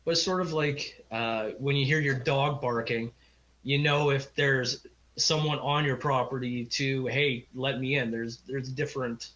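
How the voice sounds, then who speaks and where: A man's voice: mid-range voice, fairly even intonation, measured pace, a bit bright. Man telling a heartfelt story, lo-fi. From Canada. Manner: rambling, heartfelt, acts out quoted people. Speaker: podcast guest. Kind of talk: casual storytelling interview. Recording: slightly dull lo-fi audio.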